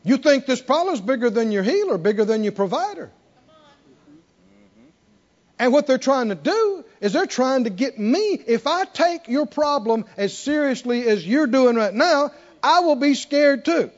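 A high-pitched male preacher who drops to near-whispered storytelling and then climbs back into loud, emphatic exhortation. He has the congregation repeat lines back to him. The recording sounds muffled. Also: big pitch swings, measured pace. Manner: leads call-and-response with the congregation. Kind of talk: sermon.

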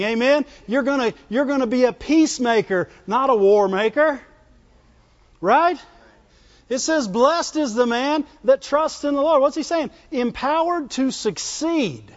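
A man preaches a folksy, call-and-response sermon in a strikingly high voice. The sound is dull and muffled, with a long reverb trailing behind him in a church hall.

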